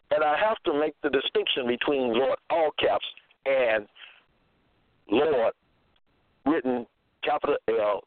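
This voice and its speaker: A man preaches in a self-made religious monologue. He keeps repeating his claims and stops mid-thought to hunt for the next verse. His voice sits at a middling pitch and comes through a narrow, tinny, phone-like line with no room sound. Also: no room sound. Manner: halting, searching for verses aloud; repetitive, insistent.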